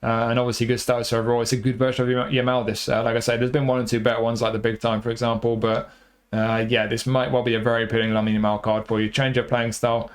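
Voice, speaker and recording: A man's voice: mid-range voice, little pitch movement, fast. A man casually reviewing football game player cards, rambling and repeating himself with lots of fillers. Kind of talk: casual commentary over gameplay.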